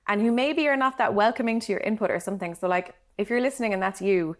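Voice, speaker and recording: A woman's voice: mid-range voice, fast talker. A woman with an Irish accent co-hosting a podcast, giving direct, encouraging advice in casual chat. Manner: encouraging, direct, says "like" often. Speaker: podcast co-host.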